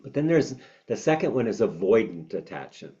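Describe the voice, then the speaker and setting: A fairly low-voiced man gives a reflective teaching talk, pausing often on fillers and starting over. His tongue is bitten, so a few words sound a little off. The recording is slightly dull and lo-fi. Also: big pitch swings, dark tone. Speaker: meditation teacher.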